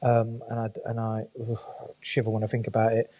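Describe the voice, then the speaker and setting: Fast-talking man telling stories. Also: fairly low pitch. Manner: animated storytelling, frequent swearing. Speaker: podcast guest. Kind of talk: casual chat.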